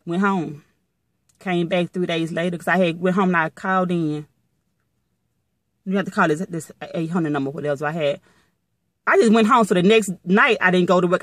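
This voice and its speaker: A middle-aged woman vlogger telling a story to her viewers in a blunt, profane and animated casual way. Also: lowish voice, no room sound, studio quality.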